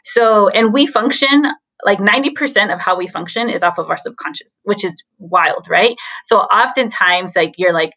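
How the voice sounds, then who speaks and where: A woman's voice: mid-range voice, a little fast, bright, forceful tone, rough recording. A young adult woman therapist talking animatedly in a casual podcast chat, mixing in Spanish phrases. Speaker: therapist guest.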